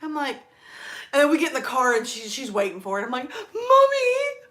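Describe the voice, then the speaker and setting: A woman's voice: on the high side, fast talker. A woman in her thirties hosting a live stream, chatting casually and rambling through stories about her kids and her mom. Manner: chatty, rambling, animated storytelling.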